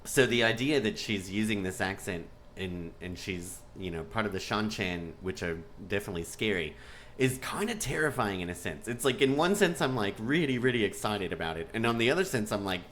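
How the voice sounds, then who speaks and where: A man talking through a fantasy episode breakdown, animated and excitable, and he laughs often. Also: on the low side, a little fast, slight background noise. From Texas. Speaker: show reviewer.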